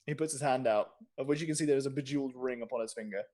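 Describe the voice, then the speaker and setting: A man narrating a tabletop game as game master, relaxed and rambling. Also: mid-range voice, racing.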